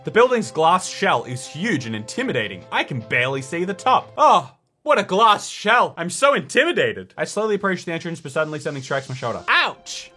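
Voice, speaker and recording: Sarcastic guy reading a story game out loud, bright lively voice, bouncy, faint music behind. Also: fairly high pitch, breathy edge. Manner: sarcastic, animated, mocking the script. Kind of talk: let's play commentary.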